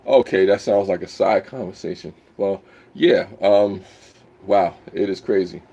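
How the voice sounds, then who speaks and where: A man hosting a casual live stream, rambling while he reads the chat aloud and bursts into loud whoops. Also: sits low, measured pace, slightly rough, dull audio.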